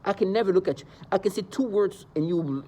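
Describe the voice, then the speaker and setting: A man's voice: high voice, quick pace, warm tone. A man delivering an agitated, rambling monologue into the camera, with mocking asides. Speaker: vlogger describing being targeted. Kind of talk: angry monologue.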